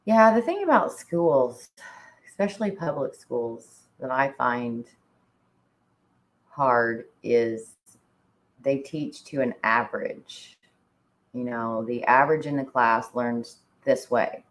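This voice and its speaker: A woman's voice: very deep voice, lively intonation, slow, low-quality recording. A woman chatting casually on a talk show, laughing often and filling her talk with "like". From Indiana. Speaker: podcast co-host. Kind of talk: casual chat.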